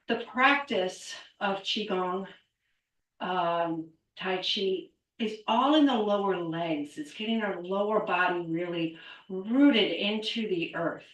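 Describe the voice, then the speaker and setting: Echoey distant woman leading qigong. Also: mid-range voice. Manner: counts aloud and cues movements. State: a little out of breath. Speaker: qigong instructor. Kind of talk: guided exercise class. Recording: echoey room, voice away from mic.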